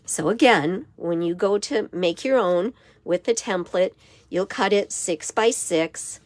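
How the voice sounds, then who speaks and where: A hoarse woman with a raspy voice giving a step-by-step papercraft tutorial in her craft studio. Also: lowish voice, takes it slowly, no room sound. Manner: step-by-step instruction with frequent okays. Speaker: papercraft demonstrator.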